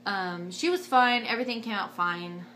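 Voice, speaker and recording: A woman in her twenties telling a personal story to camera in a casual, animated way, acting out quotes. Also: normal speed, a little hiss or hum. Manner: animated, acts out quotes with big jumps in pitch and loudness. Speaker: vlogger.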